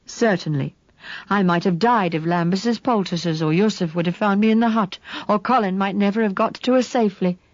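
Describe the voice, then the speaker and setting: A woman reading an audiobook, voicing a steady, protective young man who speaks gently and reassuringly. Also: medium pitch, normal speed, dry recording, lo-fi sound, pitched below the performer's own voice, lightly acted. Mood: soothing.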